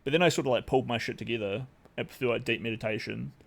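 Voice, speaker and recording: A man's voice: mid-range voice, fast, vocal fry. A young man, streaming and chatting casually, rambling with lots of fillers and swearing. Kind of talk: casual live-stream chat.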